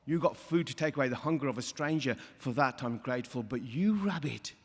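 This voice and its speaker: A man voicing a calm, gentle old wandering holy man. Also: mid-range voice, fairly quick, husky. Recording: reverberant hall.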